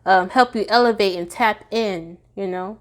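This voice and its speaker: A woman's voice: medium pitch, normal speed. A woman giving a casual tarot reading to her viewers, chatty and goofy, laughing often and sounding tired. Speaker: tarot reader.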